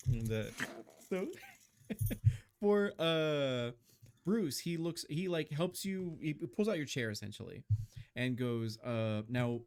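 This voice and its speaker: A man's voice: a little high, animated, takes it slowly, long pauses, darkish tone, clean tone. A man narrating as game master for a tabletop role-playing game, talking in a loose, rambling way with many fillers.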